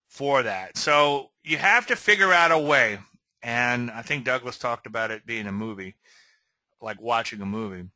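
A man with a mid-range, bright, forceful voice hosts an informal trading lecture, drifting into conversational asides and often checking in with "okay?" He is a trading educator and show host. The recording is rough, though there is no room sound.

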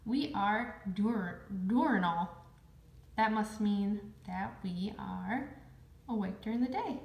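A woman's voice: medium pitch, animated, slow pace, creaky, a little mellow, recorded from a distance. A smart young schoolboy from a storybook who explains things carefully, as a woman reads him aloud. It is recorded in an echoey room. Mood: eager. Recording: roomy echo.

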